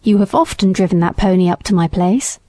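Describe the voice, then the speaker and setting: Woman reading a stern gentleman. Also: mid-range voice, a little fast, no room sound, natural voice. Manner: grave, reproving. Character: stern, principled gentleman horse owner.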